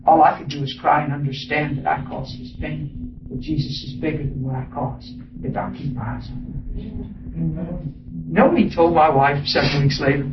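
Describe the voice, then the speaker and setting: A man preaching a testimony sermon, animated and laughing, switching between soft, quiet passages and loud exclamations. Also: a little high, normal speed. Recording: roomy, distant, muffled with noise.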